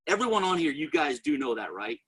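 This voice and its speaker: Energetic male sales presenter, high husky voice, tells his story straight to the crowd. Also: fairly quick, rough recording. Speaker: network marketing presenter. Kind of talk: motivational sales testimony.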